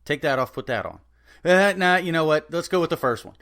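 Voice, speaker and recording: A man voicing a demanding, indecisive shopper at a checkout, talking loud and fussy. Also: a little high, expressive, fairly quick, pitched above the performer's own voice. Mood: bossy, fussy.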